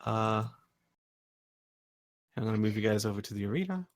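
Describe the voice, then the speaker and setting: A man's voice: lowish voice, expressive, normal speed. A man narrating as game master in a casual tabletop game, hesitant and full of fillers.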